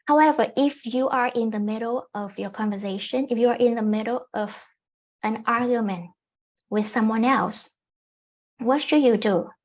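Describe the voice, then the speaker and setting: A woman life coach giving calm, gently instructive self-help advice to camera, often repeating her points. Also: on the high side, moderate pace, highs cut off.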